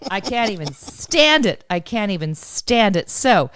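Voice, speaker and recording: A woman co-hosting a podcast, chatting casually and telling animated stories full of laughter. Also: mid-range voice, measured pace, no echo, studio quality. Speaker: podcast co-host. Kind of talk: casual chat.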